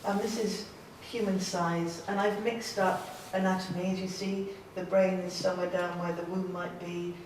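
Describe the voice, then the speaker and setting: A woman's voice: fairly low pitch, little pitch movement, normal speed, few pauses, a little mellow, recorded from a distance, a little hiss or hum. A woman artist giving an informal, enthusiastic gallery talk to an audience, chatty and self-deprecating. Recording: very echoey room, voice from afar.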